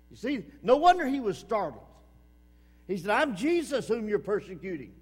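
A man preaching a sermon with emphasis, repeating his phrases and swinging between loud and hushed. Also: high voice, breathy edge, long reverb tail.

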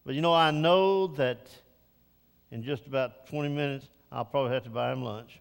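An older man preaching a Father's Day sermon, climbing to loud, high emphatic peaks and then dropping to soft, slow reflection. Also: vocal fry, big-room sound, a little hiss or hum.

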